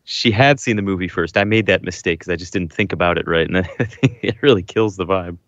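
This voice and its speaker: Excitable man, dry lo-fi audio. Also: low-pitched, a little fast, no room sound. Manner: excitable fan. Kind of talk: casual chat. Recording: dull lo-fi podcast audio.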